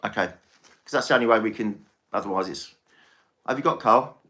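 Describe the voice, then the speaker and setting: Male tarot reader on a live stream; bright tone, chatty and soothing, says things twice. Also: lowish voice, fairly quick. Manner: chatty, reassuring, repeats himself.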